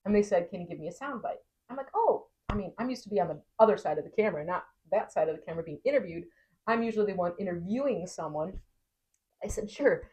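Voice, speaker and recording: Animated woman telling a story. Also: medium pitch, quick pace, poor audio. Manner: animated, acts out quoted lines. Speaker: TV meteorologist and vlog co-host. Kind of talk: casual storytelling chat.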